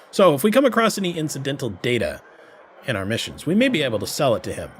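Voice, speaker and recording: A man streaming a game, reading the on-screen text and tossing in casual, wry asides. His mid-pitched voice moves a lot, with a faint hiss of ambience underneath. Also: wildly swooping pitch, fast. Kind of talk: let's play narration with character voices.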